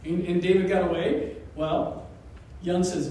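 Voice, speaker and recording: A male pastor preaching a sermon, telling a story with animated asides, chuckles and pauses. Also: high voice, heavy reverb, recorded from a distance, rough recording. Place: church sanctuary.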